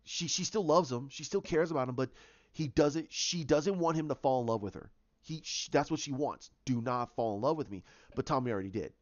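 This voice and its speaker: A man's voice: fairly high pitch, fairly quick, no echo. A man casually recapping a TV season, rambling with many restarts and fillers. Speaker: fan show host. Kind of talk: casual fan commentary. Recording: dull, lo-fi sound.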